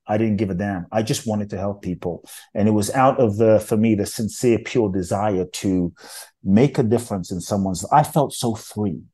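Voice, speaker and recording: A middle-aged man appears as an interview guest, telling his life story in conversation with intensity, earnestness, and emphasis. His voice is on the low side and dark, with a breathy edge, at a moderate pace.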